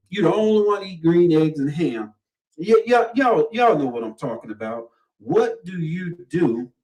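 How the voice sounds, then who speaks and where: A man preaches in a warm, somewhat high voice. He stands back from the microphone, so his voice sounds distant. He repeats words, calls to the room and mimics the people he quotes. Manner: repetitive, call-and-response, acts out quoted voices. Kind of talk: sermon.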